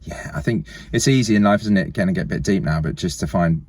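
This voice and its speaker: A man's voice: low voice, quick pace, a little mellow, breathy edge, dry recording. A man chatting casually as a guest, telling stories in a rambling, laid-back way. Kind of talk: casual chat.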